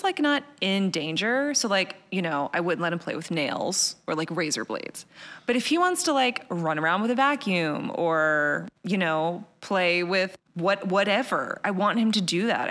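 A woman's voice: fairly low pitch, fairly bright tone, big-room sound. A woman in her thirties, a podcast guest talking casually and animatedly, laughing easily and peppering her speech with "like.". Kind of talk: casual interview chat.

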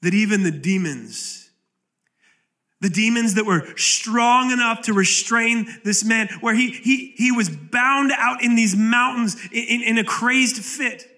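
A man preaching a sermon as pastor, passionate and dramatic, dropping to low, quiet lines for emphasis and acting out quoted pleas. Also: a little slow. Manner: impassioned preaching with sudden drops to low, quiet delivery; acts out quoted pleas with rising intensity. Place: church sanctuary.

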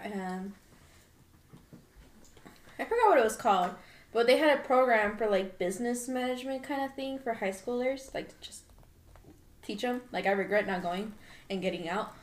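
A young woman chatting casually as a co-host, telling stories in an animated way with plenty of laughter. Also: a little high, normal speed, pauses often. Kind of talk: casual chat. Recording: echoey room, faint noise.

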